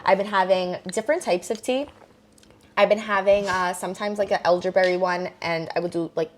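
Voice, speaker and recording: A woman's voice: mid-range voice, fairly even intonation, a little fast, a little hiss or hum. A young woman co-hosting a podcast, chatting casually and bluntly with many filler words. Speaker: podcast co-host. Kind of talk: casual chat.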